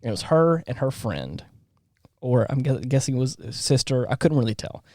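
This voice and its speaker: A man's voice: medium pitch, sing-song, moderate pace, a little mellow, dry recording, clean studio sound. Rambling man telling a story. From Southern United States. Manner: rambling, with many fillers and restarts. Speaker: podcast co-host. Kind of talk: casual storytelling chat.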